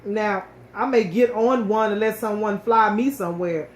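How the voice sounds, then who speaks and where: A woman speaks about her own life in a heartfelt, animated way, stumbling over and repeating words as feeling takes over. Her voice carries in a roomy, echoing space with a faint hiss of background noise. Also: mid-range voice, normal speed. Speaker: co-host sharing her story. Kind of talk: casual personal storytelling. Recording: echoey room with faint ambient noise.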